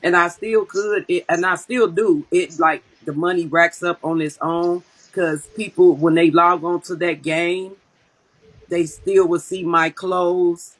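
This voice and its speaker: A woman's voice: fairly low pitch, unhurried, low-quality recording. A woman co-hosting a casual live-stream commentary, blunt and profane as she tells stories. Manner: blunt, profane, animated storytelling.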